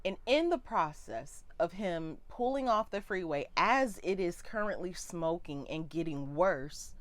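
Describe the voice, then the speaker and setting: Brief: young woman vlogger, low voice, slow emotional storytime with repeated words. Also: animated, no echo. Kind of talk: personal storytime vlog.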